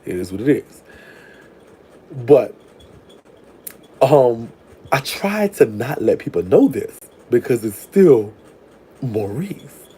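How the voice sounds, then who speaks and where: A brash young man tells a crude story in a casual way. His voice is dark and husky. He laughs often, and his words trail off into soft murmurs. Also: mid-range voice, big pitch swings, slow, pauses often. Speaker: vlogger telling prison stories.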